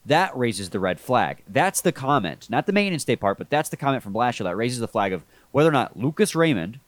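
A congested man with a head cold, hosting a sports podcast in a relaxed, rambling way that often restarts mid-sentence. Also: medium pitch, fairly quick, no room sound. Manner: relaxed, rambling, self-correcting. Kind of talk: casual sports podcast chat.

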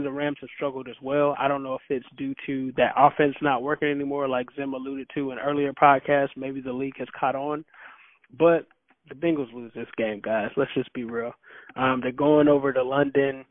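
A man's voice: medium pitch, no room sound. Blunt man on a dry, tinny line. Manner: blunt, matter-of-fact. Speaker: podcast co-host. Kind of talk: casual sports talk. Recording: dry phone-like sound.

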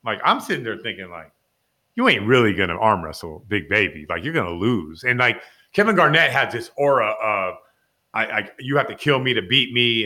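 A man, a former player and podcast guest, telling a rambling, animated anecdote full of "like" fillers and acted-out quotes. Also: fairly low pitch. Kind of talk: animated storytelling.

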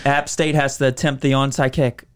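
A man co-hosting a podcast in casual sports chat, telling stories in a relaxed way with casual swearing. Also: medium pitch, moderate pace, smooth. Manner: relaxed, laid-back storytelling with casual swearing. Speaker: podcast co-host.

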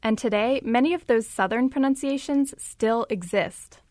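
A woman's voice: on the high side, normal speed, a little mellow, no echo, clean studio sound. A woman reporter giving scripted, conversational podcast narration.

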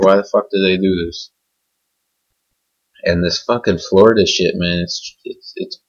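A man's voice: fairly low pitch, highs cut off. A young adult man delivering an angry, cynical, profanity-heavy rant. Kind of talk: profane ranting monologue.

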